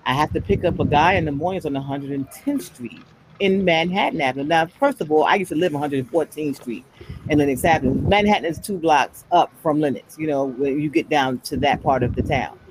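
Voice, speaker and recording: Against a noisy background, a low-voiced woman speaks briskly in a casual podcast chat. As a panelist, she tells lively stories and acts out the voices she quotes.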